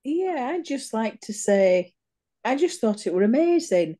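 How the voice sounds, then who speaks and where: Mellow-voiced woman on a call. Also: on the high side, very animated, a little slow. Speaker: poetry event participant. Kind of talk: casual video call chat.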